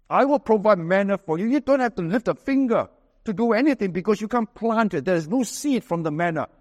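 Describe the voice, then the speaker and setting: A man with a Singaporean English accent preaching a sermon as pastor, emphatic, with slow, drawn-out scripture quotes. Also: sits high, a little mellow, big-room sound.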